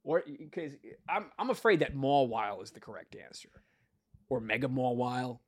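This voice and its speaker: Male podcast co-host, animated and profane, higher voice, dry sound. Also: normal speed, no echo. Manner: profane, jokey, animated storytelling. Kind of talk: casual chat.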